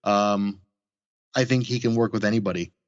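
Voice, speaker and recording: A man's voice: lowish voice, fairly even intonation, moderate pace, no echo, muffled recording. A man co-hosting a podcast, recapping in a laid-back, chuckling way. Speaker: podcast co-host. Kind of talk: casual chat.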